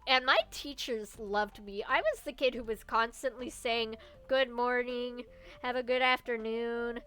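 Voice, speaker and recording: This young woman streams as a vtuber, telling personal stories in a loose, rambling chat full of restarts and small laughs; her slightly high voice sounds pushed and bright.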